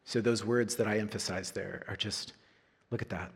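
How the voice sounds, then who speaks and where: A man's voice: lowish voice, steady tone, moderate pace, creaky, breathy edge. A man preaching a sermon as a pastor, earnest, often checking in with "right?" as he reads scripture aloud.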